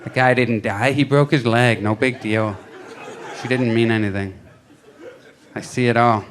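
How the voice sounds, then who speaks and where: A man's voice: mid-range voice, steady tone, a little slow, some chatter behind, slight background noise. A man in his thirties performing stand-up comedy in a casual, self-deprecating way, acting out voices as he tells stories. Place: comedy club stage.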